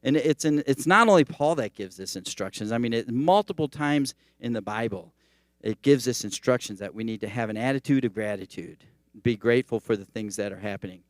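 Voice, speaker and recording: A male pastor preaches in an easy, conversational way, telling stories and reaching for anecdotes. His voice sits at a middling pitch. The sound is dry and close-miked. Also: a little fast, no echo. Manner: conversational, animated storytelling preaching. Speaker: teaching pastor. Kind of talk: sermon.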